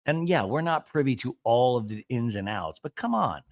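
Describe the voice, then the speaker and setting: Brief: animated male podcast host, gossipy recap, dry close mic. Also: medium pitch, normal speed, no echo. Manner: animated, gossipy, acts out quotes. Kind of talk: casual reality-show recap.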